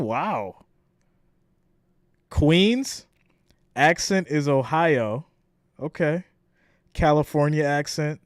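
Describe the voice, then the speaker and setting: A man from New York hosting his live stream, reading out guesses from his chat and breaking into laughs. His voice is smooth and clean, and he talks at an unhurried, slow pace. The sound is dry and close, with no room echo. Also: on the high side, expressive. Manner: reads viewer guesses aloud, laughing often.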